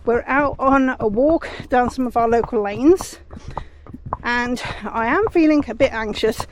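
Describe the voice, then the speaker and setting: A woman chatting casually while walking her horse down a country lane outdoors, slightly out of breath and pausing to talk to the horse. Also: fairly high pitch, poor audio. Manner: chatty, talks to her horse between stories. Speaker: vlogger. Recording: outdoor recording with clear background noise.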